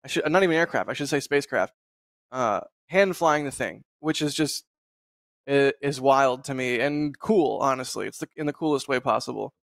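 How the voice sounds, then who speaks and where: A man hosting a casual live stream, talking in a relaxed, rambling way with frequent laughs over a video call. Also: mid-range voice, moderate pace, gravelly, dry recording, studio quality. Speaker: host.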